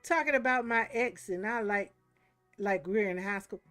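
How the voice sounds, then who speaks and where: A woman's voice: mid-range voice, moderate pace, fairly bright tone, soft background music, lightly acted. A woman voicing a feisty older woman, a sly and teasing divorcee who runs a neighborhood club, in a game. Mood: wry.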